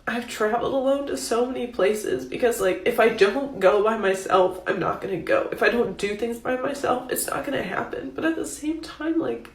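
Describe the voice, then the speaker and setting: A young woman crying while she speaks haltingly and apologetically about loneliness. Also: a little high. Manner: halting, filler-heavy, apologetic. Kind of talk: confessional vlog. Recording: echoey room.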